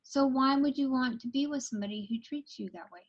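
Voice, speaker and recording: A woman's voice: high voice, brisk, a little hiss or hum. A woman firmly reassuring a friend that she deserves better. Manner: firm, reassuring. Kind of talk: supportive casual chat. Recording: dull lo-fi sound.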